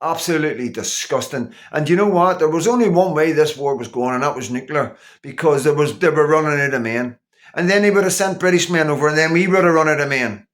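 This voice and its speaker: A man's voice: on the high side, fairly quick. A man vlogging an indignant, sarcastic political rant, repeating himself for emphasis. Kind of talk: ranting political monologue.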